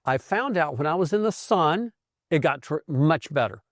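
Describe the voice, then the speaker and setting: An older male doctor telling his own health story in a conversational way, animated and acting out the voices of the people in it. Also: on the high side, normal speed, no echo, clean studio sound. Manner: animated storyteller who acts out quoted voices. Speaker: physician host.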